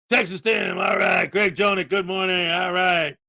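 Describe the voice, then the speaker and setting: A man hosting a casual live stream, chatting loosely and greeting viewers, with rambling asides and sudden loud bursts of excitement. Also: high voice, a little slow. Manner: chatty and rambling, many fillers.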